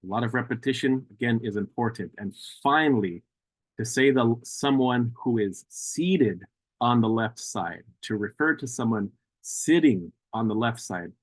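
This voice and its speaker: A man teaching an online language class, patiently repeating words slowly for learners over a video call. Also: medium pitch, no room sound.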